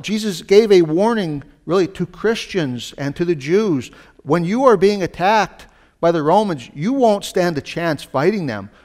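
A man's voice: fairly high pitch, darkish tone. A man pastor preaching a sermon in a conversational way, with casual asides and rising emphasis on his key points.

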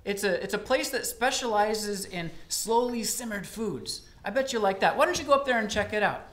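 In a roomy hall, a man onstage at a college tells a comic story live, playing a know-it-all, bossy Osaka traveler who lectures his friend with self-assurance. His voice sits high, animated and a bit bright, at a moderate pace.

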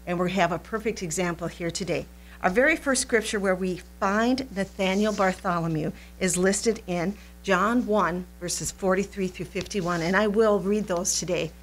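Lady teaching bible study, lively and playful, laughs a lot, normal pitch. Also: a little hiss or hum. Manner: animated, playful, laughs often. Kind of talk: recorded Bible study lesson.

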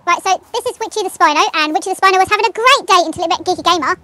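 A woman's voice: very high-pitched, rapid-fire, bright, forceful tone. A woman co-hosting a game playthrough, teasing and goofy, sometimes chanting silly songs. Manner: silly and teasing, breaks into sing-song chants. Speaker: gaming channel co-host. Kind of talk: playful co-op gameplay chat.

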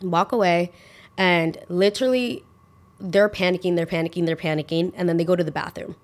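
A young woman hosting a podcast, telling a casual story full of "like" and restarts, sometimes rushing and sometimes drawing out her words. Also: on the low side. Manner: animated, filler-heavy with lots of "like". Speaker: podcast host.

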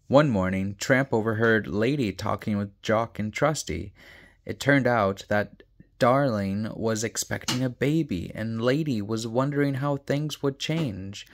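A man reading a children's storybook aloud, unhurried, with mumbled asides between passages. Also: on the low side. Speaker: storybook reader.

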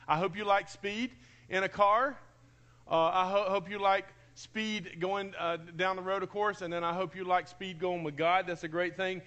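A high-voiced man preaches to his church congregation. He talks with excitement and emotion, saying key phrases twice over for emphasis. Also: moderate pace. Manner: enthusiastic, emotional, repeats phrases. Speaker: pastor. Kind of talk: sermon. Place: church sanctuary.

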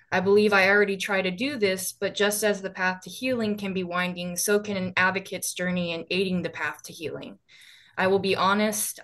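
A woman's voice: medium pitch, fairly bright tone. A woman, an advocate sharing earnest reflections in a workshop, with lots of fillers. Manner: earnest, uses many fillers. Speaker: advocate and prevention coordinator. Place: conference workshop room.

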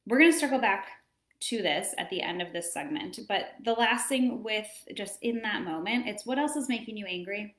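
A wellness coach in her thirties gives casual parenting advice at normal speed, chatty and animated, acting out little moments as she goes. Her pitch is mid-range, and the room adds a clear echo to her voice.

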